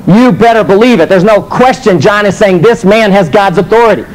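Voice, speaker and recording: A man's voice: high-pitched, fairly quick, low-quality recording. A man preaching and teaching a sermon, telling stories and asking rhetorical questions. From United States. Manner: animated storytelling with rhetorical questions. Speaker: teacher and minister.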